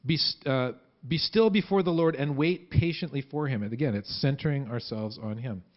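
A man's voice: mid-range voice, highs cut off. A man preaching a sermon in a church, talking conversationally and often restarting his sentences. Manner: conversational, halting with many restarts. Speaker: pastor.

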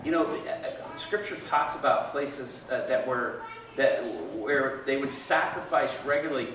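A man preaching a sermon as a pastor, telling a story in an animated, rambling way with many restarts. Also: medium pitch, normal speed, a little hiss or hum. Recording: echoey room, distant mic, dull sound.

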